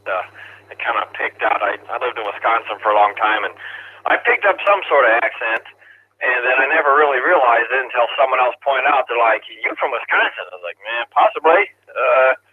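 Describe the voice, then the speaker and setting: Checking in to an amateur radio net, a man chats casually in a rambling, amused way. His medium-pitched voice is brisk and slightly rough, heard through tinny two-way radio audio.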